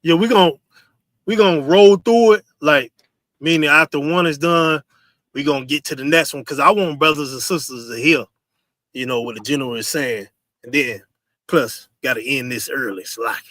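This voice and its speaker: A man's voice: a little high, moderate pace, a bit bright, no room sound. A man teaching a religious gathering, directive, checking that listeners understand and giving instructions to the crew.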